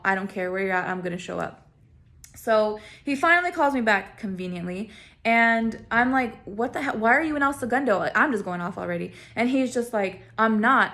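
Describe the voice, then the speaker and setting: A woman telling her own story in a casual vlog. She talks in a sassy, animated way and laughs often. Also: mid-range voice, creaky.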